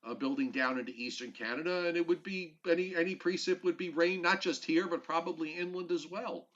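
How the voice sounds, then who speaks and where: A man's voice: fairly high pitch, a little fast, fairly bright tone, muffled recording. A man hosting a weather show, talking through forecast maps in a casual, joking way with many fillers.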